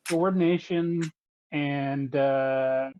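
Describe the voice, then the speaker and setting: A man's voice: on the high side, steady tone, extremely slow, a little mellow, clear, resonant tone, no room sound, dull audio. A man narrating a tabletop game as game master, hesitant and full of fillers.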